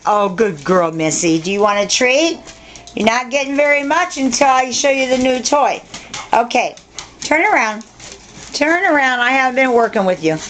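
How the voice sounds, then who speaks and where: An older woman speaks slowly and casually at home, as if recording on a handheld camera. When she calls her dogs, her voice jumps up into a high, coaxing sing-song. The recording has a faint background hiss. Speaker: dog owner filming her pets. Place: home, indoors.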